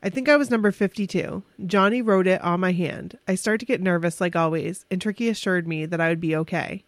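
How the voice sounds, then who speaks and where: Woman, fairly low voice, casual podcast chat, emotional storytelling, dry close sound. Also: fairly quick, no echo. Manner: excitable, emotional storytelling with laughs and restarts.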